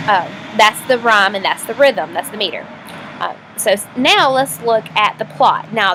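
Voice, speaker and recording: A woman teacher explaining a lesson for a recorded video in a casual, chatty way, often pausing with fillers and restarting her sentences. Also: medium pitch, a bit bright, slight background noise. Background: passing trucks.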